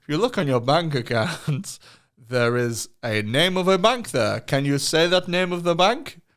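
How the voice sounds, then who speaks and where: A smarmy fake bank caller, as a man acts him out, overly polite and vague. The pitch leaps around, lively and sing-song. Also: unhurried. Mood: oily. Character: generic male phone scammer caller.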